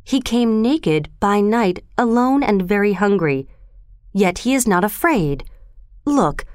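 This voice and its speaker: Protective mother wolf, woman reading, smooth tone, dry close sound, storybook. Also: mid-range voice, expressive, slow, dry recording. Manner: tender, then defiant.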